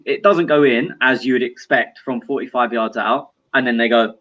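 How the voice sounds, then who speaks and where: A man's voice: mid-range voice, steady tone, normal speed, fairly bright tone, highs cut off. A man co-hosting a casual podcast, telling stories animatedly and swearing freely. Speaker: podcast co-host. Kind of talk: casual chat, storytelling.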